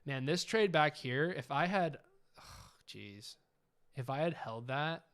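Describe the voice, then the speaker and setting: A man hosting a live trading stream, chatting casually and getting excited as he watches the charts. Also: a little high, takes it slowly, smooth. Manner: chatty, excitable, keeps asking "you know what I'm saying".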